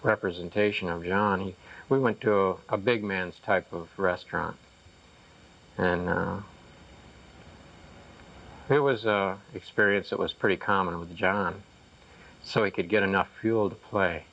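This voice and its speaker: Slow, deep-voiced man recalling a friend. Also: vocal fry, fairly bright tone, muffled recording. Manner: halting, with fillers. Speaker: interviewee, colleague. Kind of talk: reminiscing.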